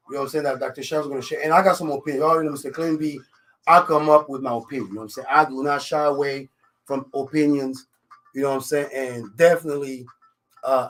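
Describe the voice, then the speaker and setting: A man from Africa with a French accent, hosting a live radio talk show in a studio and chatting casually, with filler phrases in nearly every line. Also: mid-range voice. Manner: rambling, constant "you know what I'm saying" fillers; confident, jokey. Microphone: studio microphone.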